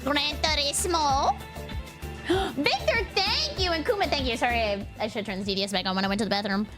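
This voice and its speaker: A woman streamer chatting casually on a live stream, excitable and giggly, squealing greetings to her chat. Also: medium pitch, racing, over music.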